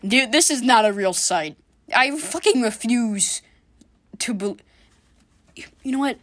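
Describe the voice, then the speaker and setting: A woman's voice: a little high, lively intonation, slow, long pauses, fairly bright tone, no room sound. Woman, solo comedy podcaster, sarcastic and sweary, dry close sound. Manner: sarcastic, profane, jokey. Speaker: podcast host. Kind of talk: casual comedic monologue.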